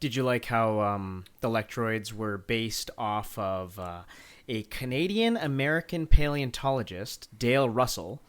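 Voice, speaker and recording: A man's voice: medium pitch, animated, a little slow, clear, resonant tone. A man co-hosting a podcast, sharing film trivia with enthusiasm in a casual chat and laughing easily. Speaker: podcast co-host.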